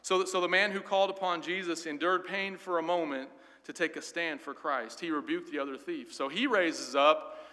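A man's voice: fairly high pitch, fairly even intonation, moderate pace, bright, forceful tone. A man teaching a Sunday school Bible class in an earnest, emphatic way, often repeating words as he goes. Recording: long hall reverb.

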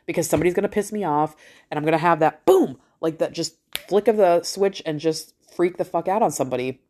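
A woman's voice: lowish voice, a little fast, dark tone. A middle-aged woman hosting a podcast, talking in a casual, rambling monologue, blunt and swearing freely. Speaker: podcast host.

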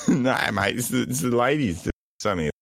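A man's voice: mid-range voice, big pitch swings, moderate pace, creaky, fairly bright tone, no echo, pitched above the performer's own voice, exaggerated voice. A man putting on a crude Aussie bloke. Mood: joking. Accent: put-on Australian that slips. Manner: crude, swearing, joking. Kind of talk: comic phone-in bit on a podcast.

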